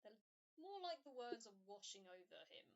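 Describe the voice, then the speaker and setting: A woman narrating a tabletop game as game master, relaxed and hesitant. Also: a little high, moderate pace, dull audio.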